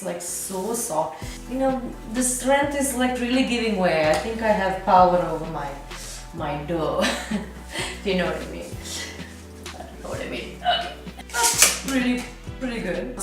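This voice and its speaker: Playful woman in an echoey kitchen. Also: medium pitch. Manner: playful and chatty, half-singing some words. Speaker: home cook presenting a recipe. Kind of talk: casual cooking vlog chat. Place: home kitchen. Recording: very echoey kitchen with background music.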